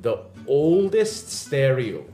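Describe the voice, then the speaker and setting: A man's voice: mid-range voice, sing-song, takes it slowly, dark tone. A young man and podcast co-host, telling a rambling story in casual, tipsy banter with lots of laughing. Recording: roomy echo, music behind.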